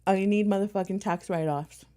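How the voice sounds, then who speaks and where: A woman's voice: medium pitch, fairly even intonation, moderate pace, mellow. A woman streamer talking bluntly and profanely in casual stream chat, with a sarcastic edge. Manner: slightly out of breath while moving furniture.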